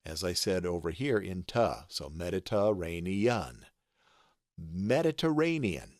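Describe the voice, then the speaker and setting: A man's voice: low-pitched, very animated, measured pace, no room sound, clean studio sound. An American man patiently walking through a pronunciation tutorial, spelling out letters step by step. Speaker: voice artist teaching pronunciation. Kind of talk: screen-share tutorial.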